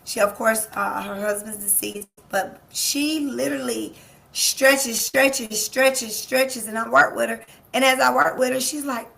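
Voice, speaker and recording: This woman's voice leans high, with fairly even intonation, a measured pace, vocal fry and a sharp edge. A life coach and show host, she leads a live-streamed motivational talk, repeating key phrases emphatically and speaking directly to viewers. She laughs readily and engages people in the room.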